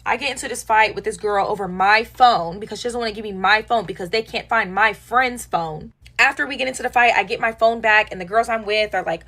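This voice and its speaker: A woman's voice: mid-range voice, fairly quick, few pauses, bright, forceful tone. A young woman vlogger recounting a wild night out in a chatty, slangy storytelling voice. She talks loosely and acts out what each person said. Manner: chatty, slangy, quotes people with "I'm like". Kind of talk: casual storytelling.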